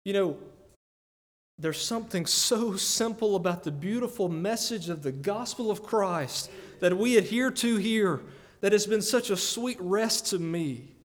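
A pastor preaches in a church sanctuary, his high-pitched voice animated yet measured in pace. His sermon is earnest and conversational, frequently checking in with listeners via "right?", and long church reverb fills the recording.

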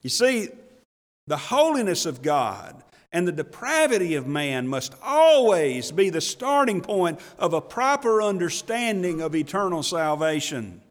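Preacher, male, high-pitched, folksy and animated, chuckles often; reverberant church hall. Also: measured pace. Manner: folksy, animated preaching with chuckles and scripture quotes in old English. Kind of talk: sermon.

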